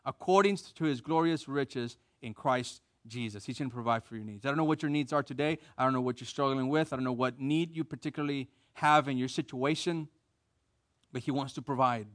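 An American man preaching a sermon, animated, repeating phrases for emphasis and leading call-and-response with the congregation. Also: mid-range voice, quick pace.

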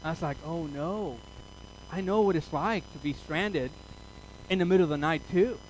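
A man's voice: on the high side, normal speed, slight background noise, poor audio. A male pastor preaching a sermon, telling stories animatedly and acting out his own thoughts. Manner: animated storytelling, acts out his own inner voice.

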